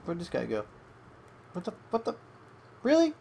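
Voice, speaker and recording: Excitable young gamer swearing through commentary. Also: moderate pace, creaky, husky. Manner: excitable, swears at opponents, coaxes a pet in a higher voice. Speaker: gamer doing live commentary. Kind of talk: live gameplay commentary.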